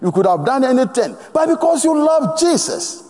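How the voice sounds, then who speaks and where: A man's voice: very high-pitched, sing-song, moderate pace, dark tone. A man with a Ghanaian accent preaching a sermon emphatically, prompting the congregation to finish his phrases. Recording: long reverb of a large hall.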